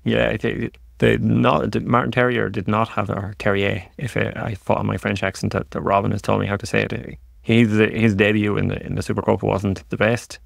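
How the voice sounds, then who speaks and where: Male podcast host, very gravelly and deep, rambling football chat with restarts. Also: flat delivery, brisk, dry recording, studio quality. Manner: rambling, many restarts and repeated words. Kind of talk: casual football analysis chat.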